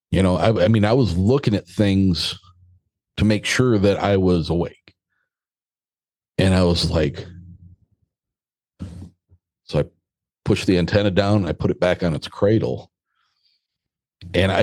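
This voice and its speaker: A man's voice: low voice, a little slow, pauses often, darkish tone, no room sound. A middle-aged American man, a podcast guest, telling a story in a casual, blunt and joking way, with some mild swearing.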